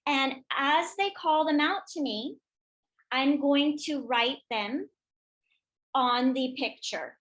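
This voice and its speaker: A woman's voice: high-pitched, slow pace, a bit bright. A woman giving a professional development talk to teachers, demonstrating classroom vocabulary routines and call-outs. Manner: models classroom chants and call-outs with bursts of energy. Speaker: teacher trainer.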